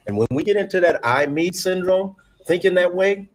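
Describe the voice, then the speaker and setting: A man on a round-table show speaks earnestly. He works toward his points haltingly, repeating words and dropping in "man" often. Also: sits high, animated. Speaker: talk show panelist. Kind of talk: casual round-table chat.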